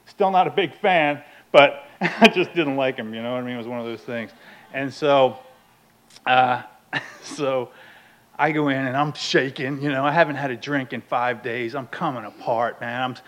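A man sharing his recovery story at a meeting, candid and self-deprecating, laughing often and moving between hushed and animated telling. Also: medium pitch, normal speed. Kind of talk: personal storytelling.

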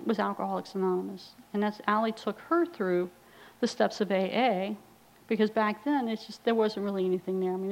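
A middle-aged woman telling her recovery story at a meeting, acting out the dialogue with lively, often laughing delivery. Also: a little high, rough recording.

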